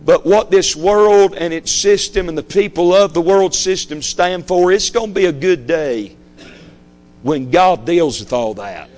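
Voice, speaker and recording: A man's voice: high voice, lively intonation, unhurried, a little mellow. A man preaching a fiery sermon, emphatic and repetitive, hammering his points home. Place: church sanctuary.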